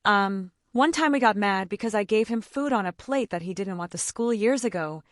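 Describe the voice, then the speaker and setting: A woman's voice: medium pitch, expressive, normal speed, no room sound, clean studio sound. A mother of autistic children giving casual advice, chatty and full of "like", acting out the conversations she describes. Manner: chatty, fills speech with "like", acts out quoted dialogue.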